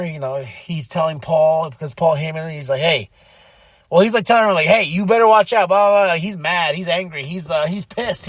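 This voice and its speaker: A man hosting a podcast, recapping wrestling in a casual, excitable monologue and quoting people in quick voices. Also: a little high, no room sound.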